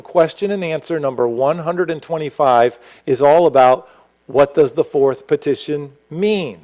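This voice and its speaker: A man preaching a sermon as pastor, animated and rising to emphatic exclamations. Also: a little high, rough recording.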